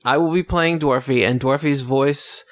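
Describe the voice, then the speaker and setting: A man's voice: mid-range voice, steady tone, moderate pace, no echo. A man playing in a tabletop game, chatting in a jokey, playful way with the group. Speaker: player. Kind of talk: casual tabletop game chat.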